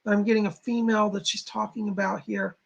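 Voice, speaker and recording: A psychic medium gives live readings in a heavily gravelly voice. His tone is husky and rough. He speaks to viewers in a halting, reassuring way. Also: high voice, little pitch movement, dull audio.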